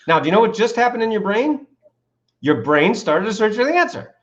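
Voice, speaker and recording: Speaking briskly in a high-pitched voice over dull audio, this male author and coach tells stories with enthusiasm in an interview. He asks rhetorical questions and works up to excited peaks.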